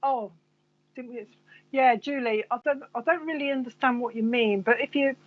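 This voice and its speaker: A woman's voice: fairly high pitch, moderate pace. Chatty Coventry woman on a lo-fi stream. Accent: Coventry English. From Coventry, England. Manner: chatty, rambling, talks to herself. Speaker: psychic medium host. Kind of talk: live-streamed reading and chat.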